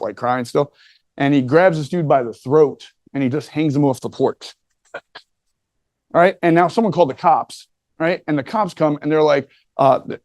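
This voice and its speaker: A man's voice: fairly high pitch, darkish tone, no room sound. A middle-aged man telling stories about his childhood in a loose, joking way, often asking "right?". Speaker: speaker telling his life story. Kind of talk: casual storytelling talk.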